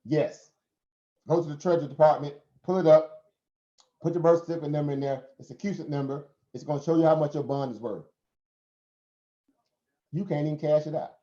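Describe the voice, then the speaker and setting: A host with a Southern American accent runs a casual live stream, speaking fairly quickly in a warm, slightly high voice with fairly even intonation and frequent pauses. His talk is preachy, full of rhetorical questions and laughter. Audio is roomy and a little dull.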